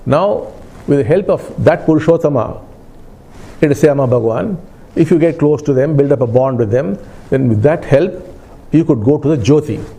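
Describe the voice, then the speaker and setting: A man giving a spiritual discourse, explaining step by step in a calm, repetitive way. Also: on the high side, moderate pace, husky. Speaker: spiritual teacher.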